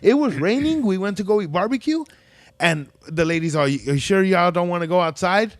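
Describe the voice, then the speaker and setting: Man, podcast guest, fairly high voice, profane storytelling, animated quotes, dry close sound. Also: fairly quick, no echo. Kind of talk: casual chat.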